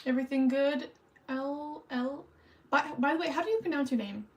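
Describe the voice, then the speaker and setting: A woman's voice: sits high, moderate pace, muffled recording. A woman streamer hosting trivia in casual livestream chat, chatty and rambling, a little self-conscious.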